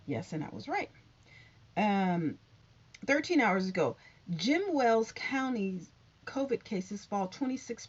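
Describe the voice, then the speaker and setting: Woman vlogger, lively sing-song delivery, chatty headline reader, muffled lo-fi recording. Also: fairly high pitch. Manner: reads headlines aloud with chatty asides. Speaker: YouTube covid news host. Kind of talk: casual news read-through to viewers. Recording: dull lo-fi sound.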